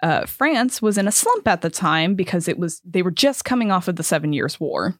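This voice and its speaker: A woman's voice: on the low side, very animated, fairly quick, no echo, clean studio sound. A young woman co-hosting a podcast, chatting casually, swearing and laughing, and stumbling over words as she reads out a story. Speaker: podcast co-host. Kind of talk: casual chat, reading out a story.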